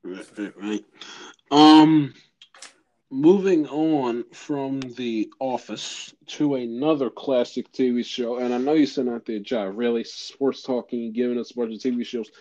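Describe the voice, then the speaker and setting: Excitable teenage podcast co-host. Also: male voice, medium pitch, highs cut off. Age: teens. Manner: excitable, quick, repeats himself. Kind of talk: casual chat.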